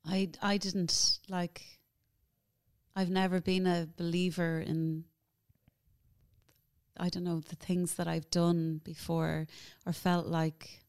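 Chatty, emotional woman, low voice. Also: little pitch movement, takes it slowly, long pauses, a little mellow, clear, resonant tone. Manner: chatty, emotional, many "like" fillers. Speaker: guest, cookbook author. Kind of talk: casual interview chat.

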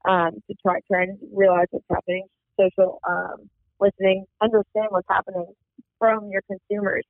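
A man's voice: high voice, monotone, normal speed, creaky, no echo. A man co-hosting a casual business chat over a phone line, reading out points with frequent fillers. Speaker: podcast co-host.

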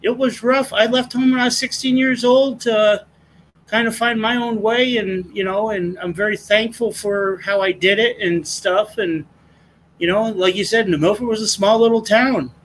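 Middle-aged guy w a high voice telling his story, earnest and rambly, faint hiss behind. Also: steady tone, moderate pace, fairly bright tone, rough recording. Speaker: guest sharing a testimony. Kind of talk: casual conversation.

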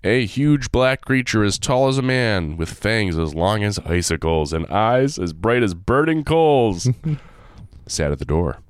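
A man hosting, reading a folk tale aloud with animated, joking asides. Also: lowish voice, unhurried, clear, resonant tone, dry recording, studio quality. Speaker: host. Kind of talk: storytelling with jokey asides.

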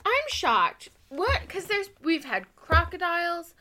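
A young woman co-hosting a podcast in casual chat, excitable and rambling, laughing often. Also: very high-pitched, takes it slowly. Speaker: podcast co-host.

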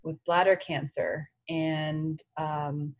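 Earnest woman in her forties, lowish voice. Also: flat delivery, slow pace. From France. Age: 40s. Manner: earnest, heartfelt, many fillers like "you know". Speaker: interview guest, former tennis champion. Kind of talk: reflective podcast interview.

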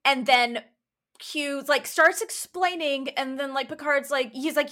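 A woman's voice: high voice, steady tone, a little slow, sharp tone. A woman talking in a casual chat, rambling and emphatic with many restarts.

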